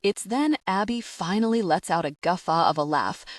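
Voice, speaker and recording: A woman's voice: fairly low pitch, expressive, normal speed, no room sound, clean studio sound. A woman narrating a first-person romance audiobook with a wry, sassy storytelling manner.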